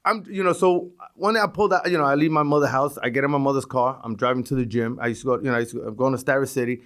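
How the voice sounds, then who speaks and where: A man's voice: mid-range voice, very fast, fairly bright tone. A middle-aged man, a retired police sergeant telling street stories in a casual, profane way, often restarting his words. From East New York, Brooklyn. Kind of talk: casual storytelling.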